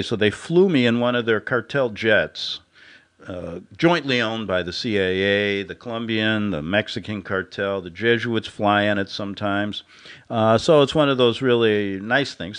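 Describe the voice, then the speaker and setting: A man's voice: lowish voice, normal speed. A man hosting a radio show, telling a rambling satirical story and chuckling at his own jokes.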